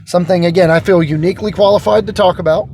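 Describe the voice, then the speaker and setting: A man's voice: high voice, fairly even intonation, fast, background noise. A man hosting his channel, chatting casually and rambling a little, with a self-deprecating streak, recorded inside a car. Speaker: host. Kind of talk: casual vlog chat.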